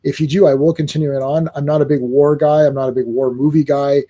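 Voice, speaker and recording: A man giving a casual, excitable comic book review, acting out the characters' lines. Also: on the high side, fast talker. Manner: excitable, animated, acts out quotes.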